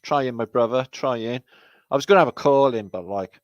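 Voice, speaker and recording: A man's voice: mid-range voice, moderate pace, dry recording, highs cut off. A British man hosting a casual livestream, rambling and sardonic, swearing constantly as he reads out viewer comments. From Britain. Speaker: livestream host. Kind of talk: casual live chat reading viewer comments.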